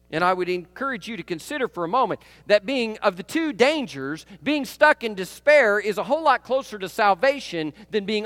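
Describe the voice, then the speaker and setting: Lively high-voiced male preacher. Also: no room sound. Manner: conversational, keeps asking the audience "right?"; laughs at his own stories. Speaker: pastor. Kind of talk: sermon.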